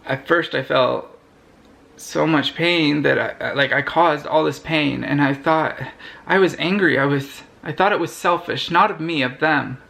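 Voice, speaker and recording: Gravelly young man, halting and earnest. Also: a little high, bright, forceful tone. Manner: halting and earnest, restarts his sentences. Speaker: vlogger. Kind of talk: personal storytelling to camera.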